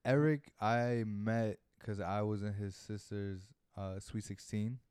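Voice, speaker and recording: A man's voice: lowish voice, steady tone, takes it slowly, darkish tone, clear, resonant tone, no room sound. A man, co-hosting a podcast in loose, profane casual chat. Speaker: podcast co-host.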